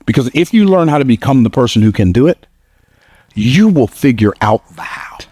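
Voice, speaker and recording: A man's voice: moderate pace, slightly rough, no echo. A man giving a motivational speech to a live audience, telling stories with energy and jokes, and repeating phrases for emphasis. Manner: storytelling, energetic, slips into a high squeaky voice for quotes; plain-spoken and joking, repeats phrases for emphasis. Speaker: motivational speaker.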